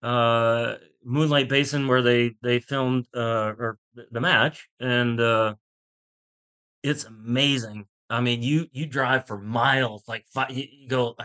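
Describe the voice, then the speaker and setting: A man's voice: mid-range voice, steady tone, a little slow, pushed and bright. Enthusiastic rambling man from Pittsburgh. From Pittsburgh, USA. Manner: enthusiastic, rambling storyteller who laughs often. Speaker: golf instructor, podcast guest. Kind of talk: casual interview chat.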